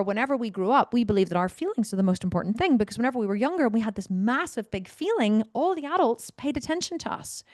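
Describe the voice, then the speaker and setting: A woman's voice: fairly high pitch, darkish tone, no room sound, clean studio sound. A woman coach, talking bluntly and animatedly to members, swearing now and then and wandering off on tangents. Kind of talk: Q&A talk to members.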